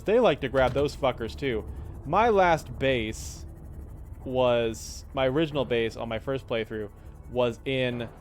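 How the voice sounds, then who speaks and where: A man streaming a game live, chatting casually and swearing as he thinks aloud. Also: medium pitch. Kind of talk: live gameplay commentary.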